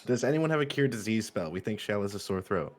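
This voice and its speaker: Deep-voiced man, hurried player. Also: expressive. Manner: hurried, apologetic. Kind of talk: casual tabletop play.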